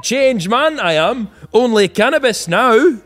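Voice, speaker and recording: A man putting on a bad mock Scottish accent for a gruff man, exaggerated and repeating one catchphrase. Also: very high voice, expressive, a little slow, a bit bright, voice pushed up, full character voice. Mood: mock boastful. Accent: mock Scottish, done badly.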